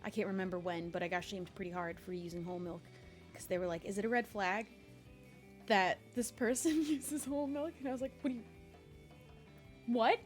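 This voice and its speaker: A woman's voice: medium pitch, a little fast, soft background music. A young adult woman streaming live, chatting casually and rambling, laughing often between complaints.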